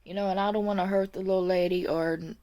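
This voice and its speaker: A woman's voice: medium pitch, fairly even intonation, fast talker, warm tone. A woman who used to work as a nursing aide, telling a story in a chatty, casual way, laughing often and repeating words as she goes.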